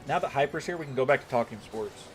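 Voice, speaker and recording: A man's voice: mid-range voice, lively intonation, quick pace, faint music behind. A young man streaming a mobile game, chatting casually with viewers and swearing now and then. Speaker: gaming livestreamer. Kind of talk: casual live-stream chat.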